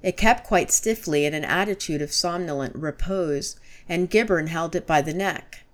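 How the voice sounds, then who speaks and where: A woman reading a classic story aloud as narrator, measured and storytelling. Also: fairly low pitch. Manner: measured, storytelling, rising to urgent shouts in dialogue.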